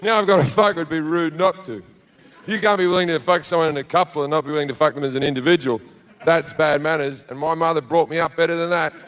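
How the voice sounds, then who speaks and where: Australian male comic, high-pitched, laid-back crude storyteller, live stage mic with faint hiss. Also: steady tone, quick pace, fairly bright tone. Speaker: stand-up comedian. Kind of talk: stand-up comedy set. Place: large theatre stage with live audience.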